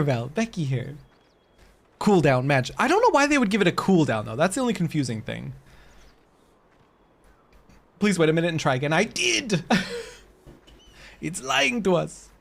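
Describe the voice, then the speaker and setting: A man chatting casually on a live stream while gaming, excitable and quick to laugh. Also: a little high, gravelly.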